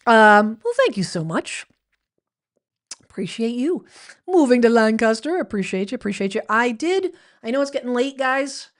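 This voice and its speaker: A woman's voice: on the high side, very animated, normal speed. A woman hosting her weekly livestream, talking casually and rambling a little as she answers viewers' comments. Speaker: livestream host.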